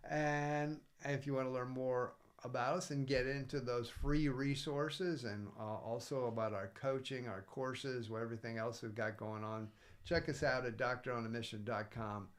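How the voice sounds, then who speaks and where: A man's voice: medium pitch, steady tone, normal speed. A man co-hosting a podcast, talking in an earnest, rambling way with frequent restarts. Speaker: podcast co-host. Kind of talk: casual reflective chat.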